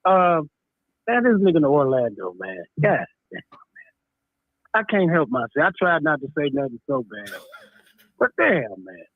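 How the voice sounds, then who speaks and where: A man on a tinny phone line, his voice a little higher than most. He rants bluntly, with heavy profanity and street slang, and the sound is dry and close. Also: big pitch swings, a little slow, pauses often, no echo. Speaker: show regular calling in. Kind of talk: heated talk-radio rant.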